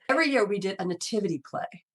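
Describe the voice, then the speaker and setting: A woman chatting on a podcast, telling family stories in a lively way and laughing often. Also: mid-range voice, brisk, slightly rough. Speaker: podcast guest. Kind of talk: casual chat.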